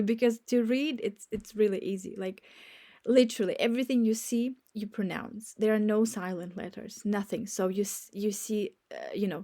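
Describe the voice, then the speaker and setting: A woman's voice: on the high side, darkish tone. A woman teaching a beginner language lesson, spelling out words and checking in with "yeah?" after each point. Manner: spells out and repeats words slowly.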